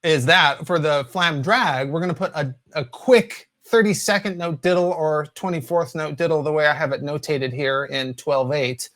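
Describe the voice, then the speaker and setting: Relaxed higher-voiced male drum teacher. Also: moderate pace, few pauses, background noise. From US West Coast. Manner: relaxed, filler-heavy, counts and sings drum patterns. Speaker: drum instructor. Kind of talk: instructional talk.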